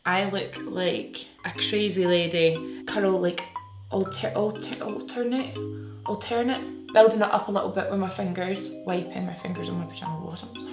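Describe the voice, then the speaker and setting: A woman's voice: fairly low pitch, moderate pace. A woman with a Scottish accent chatting casually and gushing while she does her makeup in a tutorial at home. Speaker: beauty vlogger. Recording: roomy sound with faint music.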